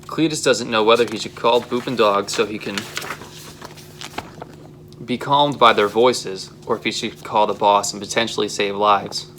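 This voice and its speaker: A man's voice: on the low side, fairly even intonation, moderate pace, fairly bright tone, slight background noise. A young man casually reading aloud his own short story script, with a few fillers. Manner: plain, casual read with occasional fillers.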